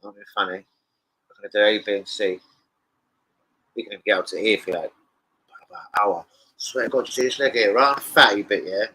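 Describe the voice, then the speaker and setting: An excitable man chatting loosely to camera about his bets, swearing freely and jumping between thoughts. His voice is bright and forward, and he rambles on at a loose, casual pace. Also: on the low side, a little fast, pauses often, slightly rough, rough recording. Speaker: football betting vlogger.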